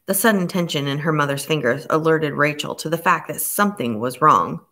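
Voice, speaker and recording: A woman narrating a novel as an audiobook, reading in a steady, measured way. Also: low voice. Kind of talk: scripted narration.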